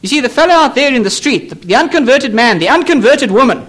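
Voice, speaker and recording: Male pastor, very high pitch and lively intonation; emphatic, repetitive pulpit sermon. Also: fast talker. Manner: emphatic, repetitive preaching with pleading appeals. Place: church.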